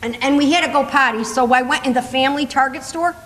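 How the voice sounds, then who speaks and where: Older lady, high voice, animated funny speech, laughing a lot, big echoey hall. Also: fast. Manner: animated, laughing while telling stories. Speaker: motivational speaker. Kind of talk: humorous storytelling speech. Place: conference hall. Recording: echoey hall with faint room noise.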